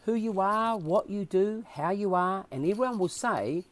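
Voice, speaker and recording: Calm bearded night doctor, soft and reassuring, voiced by a Kiwi storyteller. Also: male voice, sits high, pitched above the performer's own voice, lightly acted. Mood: soothing. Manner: gentle, soothing, unhurried.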